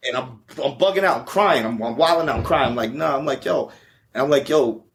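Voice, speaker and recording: Dude telling a wild travel story, lots of swearing and slang, regular pitch. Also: male voice, a little fast. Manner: profane, animated, slangy. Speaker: featured guest. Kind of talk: casual storytelling.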